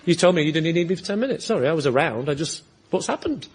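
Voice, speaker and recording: A man's voice: a little high, animated, fast talker, heavy background noise. A man telling a rambling, self-deprecating comic story as a guest on a studio panel show. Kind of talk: comic anecdote. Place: studio with live audience.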